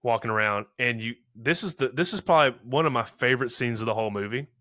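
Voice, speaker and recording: A man's voice: medium pitch, fast, sharp tone, no echo, studio quality. A man in his thirties co-hosting a podcast, recapping a movie in casual chat, rambling with lots of fillers and acting out quotes. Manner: rambling, many "you know" fillers, acts out quotes. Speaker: podcast co-host.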